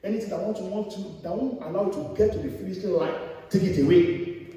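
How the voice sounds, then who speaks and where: High-voiced preacher in an echoey hall. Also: male voice, quick pace, mellow, distant mic. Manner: exhorting, repeats phrases for emphasis. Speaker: pastor. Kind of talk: sermon.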